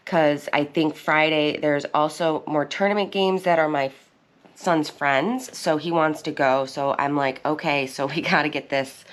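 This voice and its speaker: Woman, 30s, low voice, casual vlog host, rambling storyteller. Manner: rambling, chatty storytelling with restarts. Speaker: channel host. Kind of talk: casual chat.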